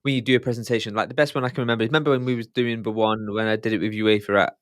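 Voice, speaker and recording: A man's voice: on the low side, fairly even intonation, racing, no echo, studio quality. A man hosting a podcast, asking curious questions in a hesitant, restarting way. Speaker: podcast host. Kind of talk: conversational podcast interview.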